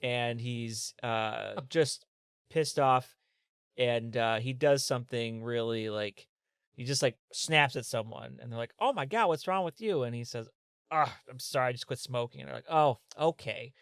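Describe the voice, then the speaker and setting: A man with an American accent pitching a comedy sketch in a casual chat, rambling and acting out characters. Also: fairly even intonation, unhurried, gravelly, fairly bright tone, clean tone, no room sound, clean studio sound. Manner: rambling, acts out characters in high voices. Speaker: comedy podcast regular.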